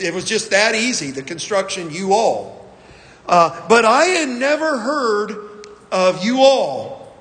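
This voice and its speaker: A man's voice: high voice, fairly bright tone. A male pastor delivering a sermon in a church, reading scripture and telling folksy, self-deprecating stories with frequent fillers. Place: church sanctuary. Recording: long hall reverb.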